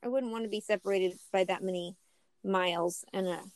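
A woman's voice: medium pitch, fairly even intonation, fairly quick, no room sound. A woman co-hosting a podcast, asking curious questions and teasing her co-host in casual chat.

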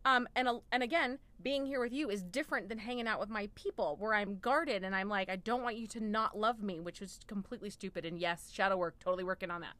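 A woman's voice: mid-range voice, fast, hardly any pauses, fairly bright tone, no room sound. A woman guest on a podcast, chatting casually in a rambling, self-deprecating way. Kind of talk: casual chat.

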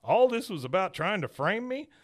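A man's voice: sits high, big pitch swings, normal speed, voice pushed up. A man putting on the voice of an uptight, indignant middle-aged son who protests in a whiny way.

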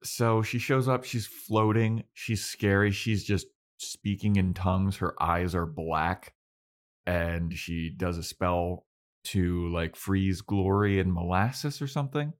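Laid-back man with a lowish voice. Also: slow. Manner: laid-back, swears freely, acts out characters' lines. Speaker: podcast co-host. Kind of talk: casual chat recapping a TV episode.

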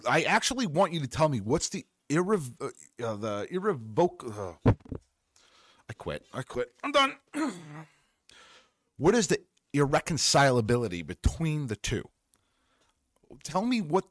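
A man's voice: fairly low pitch, no room sound, studio quality. A middle-aged man hosting a podcast alone, fired up and sarcastic, swearing as he reads out listener comments. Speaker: podcast host. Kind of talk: solo podcast rant reading live comments.

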